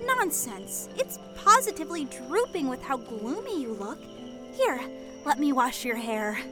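A woman's voice: sits high, very animated, measured pace. A woman voicing a bubbly, chatty young swan maiden in a fantasy audio drama, gushing and cheerful with a teen-slang manner. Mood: coaxing. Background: music.

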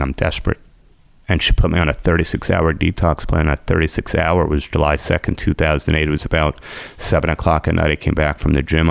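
A man's voice: very deep voice, creaky, no echo. A man, a podcast guest, telling his recovery story in an emotional, intense way.

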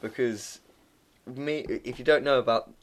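A man's voice: mid-range voice, unhurried. Man, young, from England, podcast co-host, casual storytelling, joking. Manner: chatty, jokey storytelling, laughs often. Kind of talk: casual chat.

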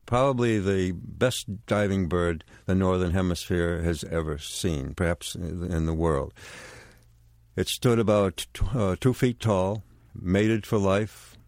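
A man tells history in an interview, earnestly, with a few hesitations. His voice is very low. The sound is dry and close to the mic. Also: fairly even intonation, slow, darkish tone, no echo. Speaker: interviewee, kayaker. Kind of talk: interview, casual recollection.

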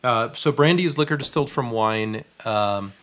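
A man hosting a podcast as a spirits writer, explaining drinks in a relaxed, chatty way with plenty of fillers. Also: medium pitch, normal speed. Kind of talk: casual tasting chat.

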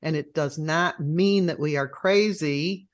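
Slow, deliberate talk-show co-host. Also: medium pitch. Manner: measured, deliberate. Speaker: radio co-host. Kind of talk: casual interview chat.

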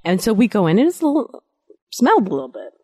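A woman in her thirties co-hosting a podcast, telling jokey, animated stories in casual chat. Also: medium pitch, fast, breathy edge, no room sound. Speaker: podcast co-host.

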